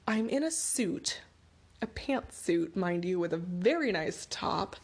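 Middle-aged woman, comic story on air, exasperated, loud bursts then hushed asides, mid-pitched voice. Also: measured pace, breathy edge. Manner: animated, exasperated, swings between loud exclaims and hushed asides. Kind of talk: casual personal story told on air.

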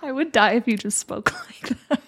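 A woman's voice: on the high side, expressive, moderate pace, fairly bright tone, slightly rough. A young woman co-hosting a podcast in a casual, giggly, playful chat. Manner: giggly, playful, jumps into silly voices. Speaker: podcast co-host.

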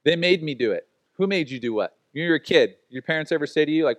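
Conversational preaching man, high voice. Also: animated, quick pace, no room sound, muffled recording. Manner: conversational preaching with acted-out quotes and laughs. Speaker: pastor. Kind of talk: sermon.

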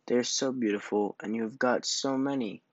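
A man's voice: medium pitch, fairly even intonation, fairly quick, dry recording, dull audio, natural voice. Man voicing a small pleading blue fish. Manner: pleading, eager.

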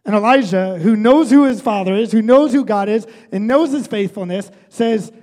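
Pastor guy, pretty high voice, chatty sermon, lots of "right?", big echoey church hall. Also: normal speed, hardly any pauses, darkish tone. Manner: conversational, often adds "right?".

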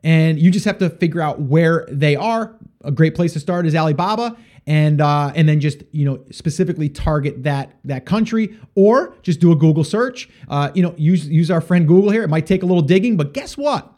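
Podcast host, male, high-pitched, casual and rambling with fillers; answers listener questions. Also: normal speed, dark tone. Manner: rambling, with frequent fillers and restarts. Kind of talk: casual solo podcast advice.

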